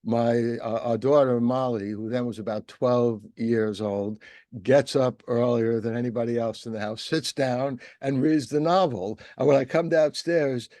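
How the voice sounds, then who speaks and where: A man's voice: mid-range voice, steady tone, unhurried, dark tone, no echo, studio quality. A man hosting an interview, talking in a rambling, digressive way. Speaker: host interviewer. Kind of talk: conversational interview.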